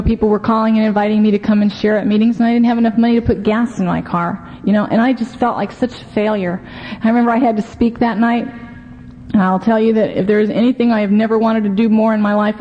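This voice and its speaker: Candid woman telling a recovery story. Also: medium pitch. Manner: candid, self-deprecating, frequent "you know". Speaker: AA speaker sharing her story. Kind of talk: storytelling share at a recovery meeting. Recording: muffled, lo-fi recording with faint hiss.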